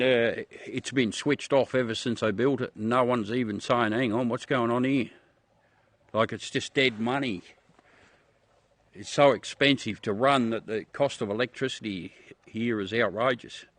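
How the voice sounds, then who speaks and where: A man's voice: medium pitch, fairly even intonation, measured pace, pauses often, no echo. A man from South Australia with an Australian accent, hosting a casual livestream chat with viewers in a blunt, profane way that keeps calling everyone mate. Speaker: livestream host.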